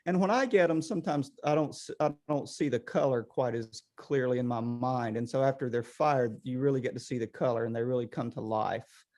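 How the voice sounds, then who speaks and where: A man's voice: medium pitch, a little fast, hardly any pauses. A middle-aged man, a potter, chatting casually over a video call, rambling with many restarts. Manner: rambling, animated, lots of restarts.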